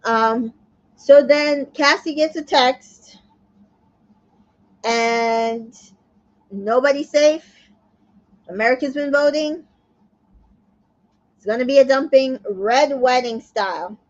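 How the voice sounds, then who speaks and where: A woman's voice: high voice, slow, long pauses, lo-fi sound. A woman hosting a casual reality TV recap, chatty, full of fillers and asides. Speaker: recap show host.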